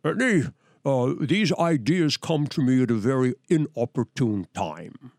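A slow, droll old film director in a measured, unhurried voice, as a man puts him on while telling a story. His words come in a deliberate, low-key way, recorded dry and close. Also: animated, darkish tone, no echo.

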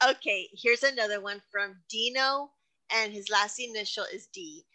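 A woman's voice: medium pitch, normal speed, bright, forceful tone, poor audio. A woman interviewer reading out listener questions and chatting casually.

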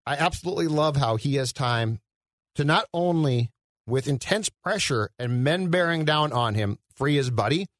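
Man, podcast co-host, wry and sarcastic, slightly high pitch, very lively intonation. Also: moderate pace, no room sound, studio quality. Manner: wry, sarcastic nitpicking, lots of "like". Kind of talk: casual movie review chat.

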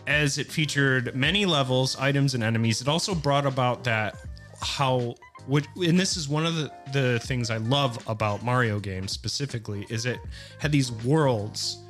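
A man's voice: medium pitch, normal speed, soft background music. A man co-hosting a casual podcast, chatting and reading game history notes with light chuckles. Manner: relaxed, reads dates and facts, chuckles. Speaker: podcast co-host.

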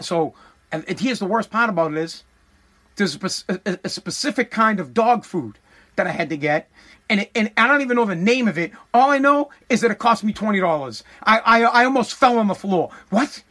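A man's voice: sits high, expressive, brisk, sharp tone. A man telling a comic story as a profane, exasperated rant, full of stammered restarts. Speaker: comedic storyteller.

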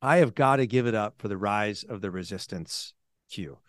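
A man's voice: lowish voice, normal speed, no echo, studio quality. A man co-hosting a podcast in casual, enthusiastic chat into a podcast microphone. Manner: enthusiastic and upbeat. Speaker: podcast co-host.

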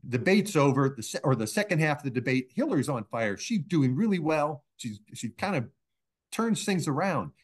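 A middle-aged man, a pollster being interviewed, telling anecdotes in a measured way and acting out the people he quotes. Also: fairly high pitch, big pitch swings. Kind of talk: anecdotal storytelling in a podcast interview.

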